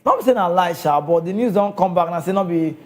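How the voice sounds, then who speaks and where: A man's voice: high voice, expressive, fast. A man with a Nigerian accent giving casual football commentary, chatty and often checking in with his listeners.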